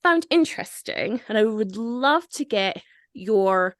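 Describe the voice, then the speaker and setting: A Scottish woman hosts a relaxed film chat in a plain, mid-range voice. She talks freely and laughs often. The sound is dry and close, with no room around it. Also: mid-range voice, slow, dry recording. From Scotland. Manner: chatty, laughs easily, restarts often. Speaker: podcast host. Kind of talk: casual film discussion.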